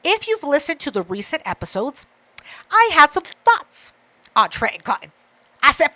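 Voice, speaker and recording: A woman co-hosting a podcast, telling a story in casual chat, profane and animated, acting out what others said. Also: high voice, moderate pace. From Mexican heritage. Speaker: podcast co-host.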